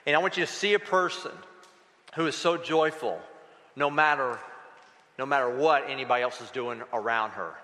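A middle-aged man preaching a sermon, expressive, with playful storytelling asides. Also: medium pitch, normal speed, big-room sound. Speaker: pastor.

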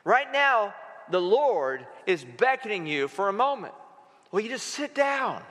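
Bright-voiced man preaching a sermon. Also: sits high, very animated, unhurried. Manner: conversational, playful preaching with call-and-response. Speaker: pastor. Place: church sanctuary. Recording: hall reverb.

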